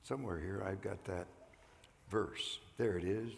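Gravelly older preacher in a reverberant church. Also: male voice, low voice, unhurried, a little hiss or hum. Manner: earnest, swings from loud to hushed. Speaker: pastor. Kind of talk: sermon. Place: church sanctuary.

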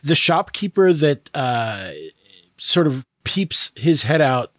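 A man's voice: fairly high pitch, slow, no echo, studio quality. A man co-hosting a podcast in casual chat, making wry comments with many fillers and restarts. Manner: wry, lots of hesitation fillers, lively commentary. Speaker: podcast co-host.

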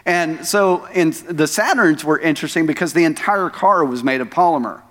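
High-voiced male pastor preaching in a hall. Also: moderate pace, fairly bright tone. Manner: conversational preaching with asides to the congregation. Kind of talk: sermon. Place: church sanctuary. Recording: echoey church hall.

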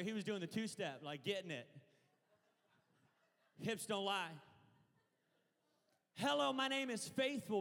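High-voiced energetic preacher man. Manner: loud call-and-response preaching. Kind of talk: energetic sermon. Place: church auditorium. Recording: long hall reverb.

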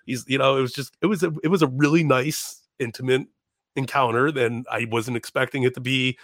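A man telling a story in a casual chat, animated, swearing freely and acting out other people's lines in raised voices. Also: mid-range voice, brisk, dry recording, studio quality. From Chicago. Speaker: podcast guest.

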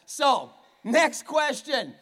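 A man's voice: extremely high pitch, big pitch swings, drawn-out words, pushed and bright. A male pastor delivering a sermon, joking playfully with his congregation in a church. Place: church hall with a live congregation.

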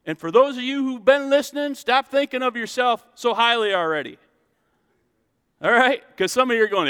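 A male pastor giving a jokey, animated sermon in a church, acting out the story as he goes. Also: high-pitched, normal speed, pauses often, clear, resonant tone, long reverb tail.

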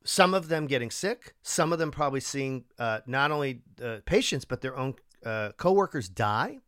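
Animated, emotional man, chatty co-host. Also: mid-range voice, moderate pace, clear, resonant tone, no room sound, clean studio sound. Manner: animated, emotional, digressive with many restarts. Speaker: podcast co-host. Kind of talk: casual political chat.

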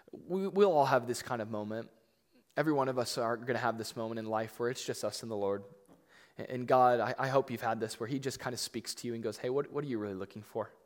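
A male pastor preaching a sermon in a conversational way, with many fillers, building up to emphatic points. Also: mid-range voice. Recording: long echo of a large hall.

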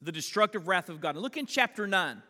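A man's voice: sits high, expressive, fast, sharp tone, long reverb tail. A man preaching an expository sermon, reading scripture aloud with earnest restarts in a church sanctuary. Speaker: pastor.

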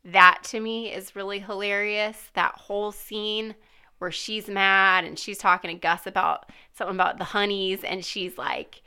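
A woman's voice: medium pitch, fairly even intonation, moderate pace, sharp tone, clean tone. A woman co-hosting a podcast, chatting casually about a TV episode. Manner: chatty, quotes characters in put-on voices. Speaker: podcast co-host. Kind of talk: casual chat reviewing a TV episode.

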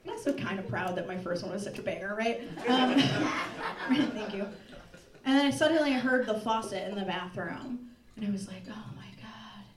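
A young woman telling a laughing, animated confessional story on a live comedy stage. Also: medium pitch, normal speed. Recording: echoey room from far off, loud crowd.

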